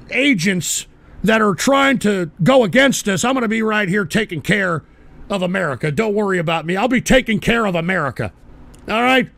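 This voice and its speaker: An older man hosting a live show, hurling profane, shouting tirades at his chat. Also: high voice, gravelly, dry recording. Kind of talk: ranting live-stream talk.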